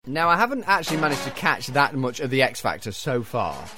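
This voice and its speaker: A man hosting a breakfast radio show in a studio, chatting casually, self-mocking and quick to laugh. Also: mid-range voice, sing-song, over music. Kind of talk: casual chat with quiz. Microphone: studio microphone.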